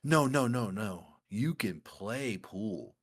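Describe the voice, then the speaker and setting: Man putting on a drunk insistent guy, slow halting broken speech, lowish voice. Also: expressive, breathy edge, full character voice.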